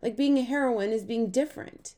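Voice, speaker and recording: A woman's voice: a little high, fairly quick, mellow, pitched above the performer's own voice, lightly acted. A woman voicing a dramatic, tearful young girl who is earnest and fussy about grammar, in an audiobook. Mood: upset. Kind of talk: audiobook character voice.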